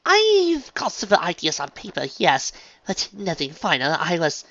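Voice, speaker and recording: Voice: mid-range voice, wildly swooping pitch, moderate pace, a bit bright, no echo, voice pushed up, exaggerated voice. A reader voicing a refined, dramatic unicorn dressmaker mare who talks in a posh, gushing, theatrical way, on a dull lo-fi recording. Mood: gracious.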